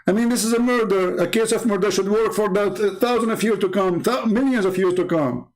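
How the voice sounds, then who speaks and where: A man with a fairly high voice talks in a sarcastic, mocking way. He delivers a polemical monologue to a live-stream audience and chuckles at his own jabs. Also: brisk.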